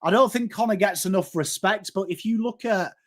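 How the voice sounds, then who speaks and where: Talking fairly quickly in a high-pitched voice, this English man hosts an easygoing live stream. He chats away, jokes with the chat as he reads it, and calls everyone mate.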